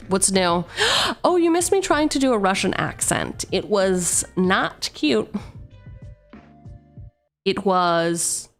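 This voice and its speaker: Playful young woman streaming card openings. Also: mid-range voice. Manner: playful, chatty, reads card text aloud, jokes with chat. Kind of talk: casual card-opening livestream chat.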